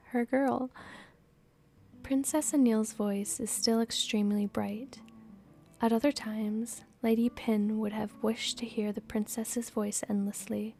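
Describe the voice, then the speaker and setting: Slow, gravelly woman gushing over a book. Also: on the high side, little pitch movement, mellow. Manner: gushing, laughing asides, whispery narration. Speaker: podcast host reading a novel aloud. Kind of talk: book reading with excited commentary.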